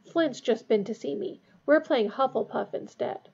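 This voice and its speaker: Fierce young captain guy, read by a woman, bitter forceful lines, lo-fi sound. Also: fairly high pitch, moderate pace, vocal fry, slightly rough. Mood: angry. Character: intense, anxious young male sports captain.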